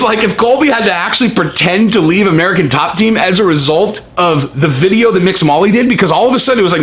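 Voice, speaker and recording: An MMA commentary vlogger rants casually, giving his opinions in a brash, profane, emphatic way and repeatedly saying "okay" as he stresses his points. His voice sits high and a bit bright.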